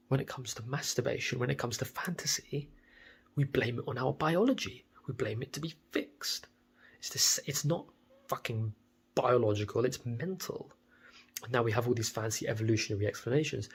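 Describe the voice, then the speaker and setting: A man's voice: medium pitch, breathy edge. A young British man with a stuffy cold, talking bluntly and profanely in a rambling casual monologue. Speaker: vlogger.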